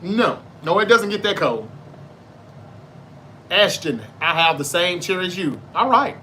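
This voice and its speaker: This Memphis, Tennessee livestream host has a high, bright, forceful voice with big pitch swings, delivered at a measured pace. The Southern American man chats casually, reads viewer comments and answers them in loose, profane language, with a little hiss or hum audible.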